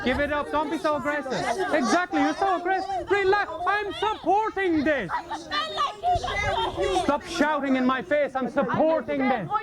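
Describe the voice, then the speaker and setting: A man's voice: extremely high pitch, lively intonation, normal speed. A man heckling sarcastically in the street, mocking and taunting. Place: outdoors at a street rally. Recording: loud crowd outdoors.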